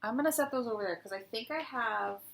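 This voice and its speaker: A woman's voice: fairly high pitch, fast talker, gravelly, a bit bright. A woman chatting casually as she shows her stitching projects, fond and a little wistful, with frequent "um"s. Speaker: cross-stitch vlogger. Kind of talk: casual show-and-tell chat.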